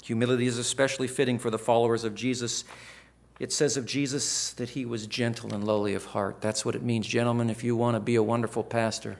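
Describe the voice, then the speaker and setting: An older man preaches a chapel sermon to students training as pastors. His voice is gravelly and mid-pitched, and he swings between loud, emphatic bursts and quiet, hushed asides. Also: level tone, fast.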